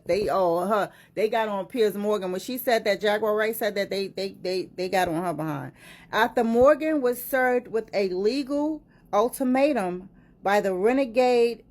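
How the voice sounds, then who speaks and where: A woman reading a celebrity news article aloud and reacting to it with frequent exclamations and asides, in a casual commentary style. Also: a little high. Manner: animated, exclaiming and interrupting her own reading.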